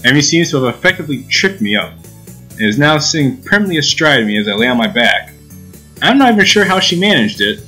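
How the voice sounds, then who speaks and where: A man's voice: on the high side, sing-song, quick pace, sharp tone, faint music behind, rough recording. Casual man reading a game aloud. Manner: casual, giggly, with restarts and asides. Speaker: let's play host reading a visual novel.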